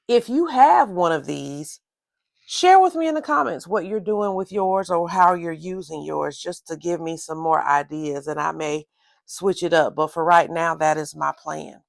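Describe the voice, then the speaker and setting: A woman's voice: low voice, vocal fry, no echo. A woman with a Southern US accent, chatting casually while decorating her journal in a plan-with-me vlog. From Southern United States. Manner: slow, relaxed, rambling with repeated "again". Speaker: journaling vlogger.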